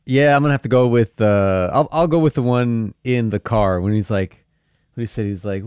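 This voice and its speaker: A man's voice: mid-range voice, normal speed, a little mellow, smooth, no echo, clean studio sound. A man co-hosting a casual movie podcast, easygoing and chuckling now and then.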